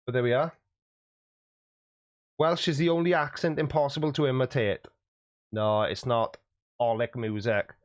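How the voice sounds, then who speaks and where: A man's voice: medium pitch, fairly even intonation, normal speed, pauses often, no room sound, studio quality. Jokey man reading live chat. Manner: chatty, jokey, self-deprecating. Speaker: YouTube host. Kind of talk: livestream chat reading viewer comments.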